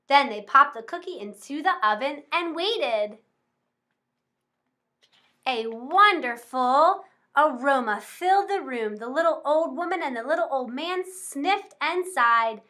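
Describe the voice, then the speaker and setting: A woman reads a children's storybook aloud in a high, bright voice. Her telling is expressive and rhythmic. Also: measured pace.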